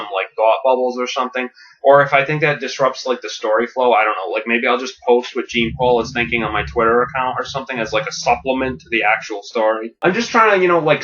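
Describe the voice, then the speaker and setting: Rambling man pitching a story. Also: dull audio. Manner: rambling, filler-heavy, deadpan enthusiasm. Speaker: podcast host pitching a story.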